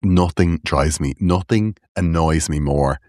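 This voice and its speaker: A man's voice: rumbling low, unhurried, a little mellow, no room sound, studio quality. A man co-hosting a comedy podcast, chatting animatedly, joking and laughing often. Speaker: podcast co-host. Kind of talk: casual comedy chat.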